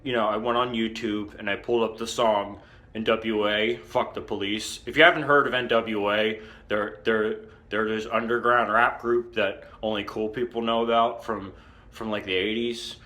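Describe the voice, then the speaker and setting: A man's voice: on the low side, steady tone, normal speed, bright, forceful tone. A man telling a long comic story in character, rambling and indignant, with many fillers and a lot of swearing. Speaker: comedian in character.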